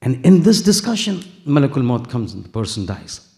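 A man's voice: mid-range voice, very animated, fairly quick, vocal fry, dark tone. A man preaching a sermon, telling a story with acted dialogue, rising to emphatic peaks.

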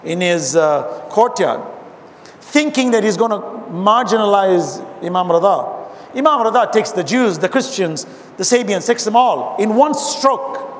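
Man, high-pitched preacher voice, impassioned talk with recitation, long hall reverb, faint hiss. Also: animated, a little slow. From abroad, now living in America. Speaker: Islamic speaker. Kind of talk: religious talk. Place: hall with an audience.

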